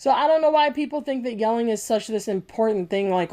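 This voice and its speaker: A woman's voice: on the high side, animated, brisk, mellow. A young woman vlogger delivering an angry opinion rant, talking in a blunt, heated way and swearing freely.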